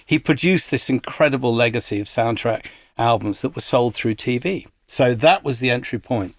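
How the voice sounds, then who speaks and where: A man's voice: mid-range voice, normal speed, no room sound, studio quality. A man who works as a music industry executive, telling stories as a podcast guest and livening up when he quotes others. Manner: anecdotal, animated when quoting others. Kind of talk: casual storytelling interview.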